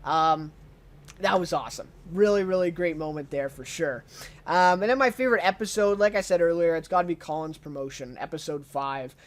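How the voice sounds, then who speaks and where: A man's voice: a little high, brisk. A man giving a casual unscripted TV show review, enthusiastic and full of ums and uhs.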